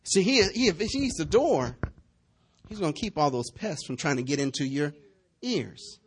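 A man preaching a sermon, telling stories with big swings between shouting and hushed asides. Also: a little high, normal speed, husky. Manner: animated storytelling, swinging between shouts and near-whispers. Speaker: pastor.

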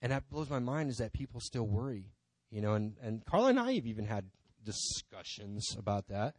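A man's voice: mid-range voice, sing-song, fast, a little mellow, no echo. Man rambling through a church testimony. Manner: rambling and conversational, many "you know" asides. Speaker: church member speaking from the pulpit. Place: church sanctuary.

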